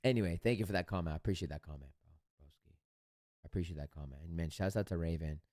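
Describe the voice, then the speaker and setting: A man's voice: low-pitched, fast, darkish tone, no room sound. A man hosting a live stream, chatting casually and bluntly with his viewers and swearing freely. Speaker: live-stream trading host.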